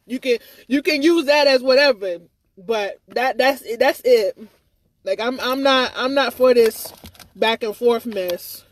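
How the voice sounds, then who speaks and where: A woman's voice: a little high, measured pace. A woman in a casual live-stream rant, agitated and rambling, repeating herself and swearing, with speech. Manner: swears freely, stammers on restarts. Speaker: livestreamer.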